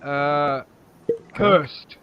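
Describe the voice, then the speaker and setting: A man's voice: a little high, extremely slow, clean tone, lo-fi sound. A man in a casual livestream chat, laughing often as he tells crude school stories.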